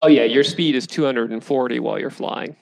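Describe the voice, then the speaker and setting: A man running a tabletop game as game master, describing scenes and answering players with quick yeps. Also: medium pitch, gravelly, poor audio.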